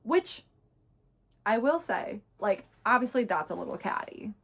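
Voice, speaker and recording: A woman's voice: medium pitch, sing-song, measured pace, gravelly. A young woman in her twenties, chatting casually and sarcastically while reviewing a book. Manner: chatty, sarcastic, many fillers. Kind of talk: casual chat.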